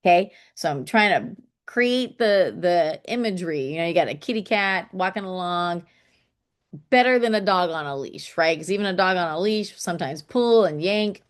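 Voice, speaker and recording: A woman's voice: lowish voice, expressive, normal speed. A woman teaching a casual online poetry lesson, chatty and thinking aloud, saying "okay" often and tapping out syllables and stresses.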